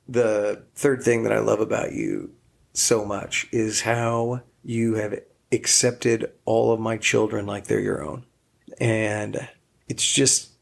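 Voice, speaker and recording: Man, podcast co-host, gravelly fry in the voice, earnest with a joking streak, casual chat. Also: medium pitch. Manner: joking, earnest, chuckles while talking.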